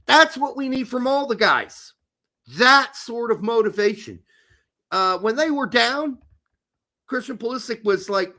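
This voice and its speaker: A man's voice: sits high, lively intonation, measured pace, bright, forceful tone. A man hosting a casual sports talk show, ranting in a heated, profane way. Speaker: podcast host.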